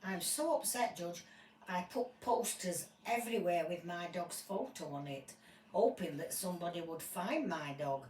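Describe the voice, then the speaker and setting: A woman's voice: on the low side, expressive, normal speed, a little mellow, recorded from a distance, a little hiss or hum, natural voice. A woman voicing an anxious, grateful man whose dog went missing, talking in a pleading, emotional way in a toy game. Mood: upset. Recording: roomy and from off the mic, faint ambience.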